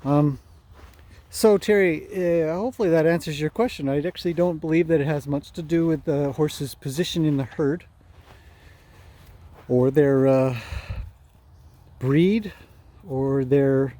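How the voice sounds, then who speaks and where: A man training horses out in a pasture, talking casually to the camera and chatting to the horses in a relaxed way. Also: fairly high pitch, a little slow, long pauses. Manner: relaxed, talks to the horses as he goes. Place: outdoors in a pasture among horses.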